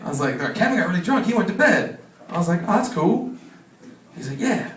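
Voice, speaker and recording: High-voiced man doing stand-up comedy. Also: big pitch swings, fast, a bit bright. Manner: profane storytelling, acts out other people. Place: comedy club stage. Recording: echoey room, mic from far off. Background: audience laughter.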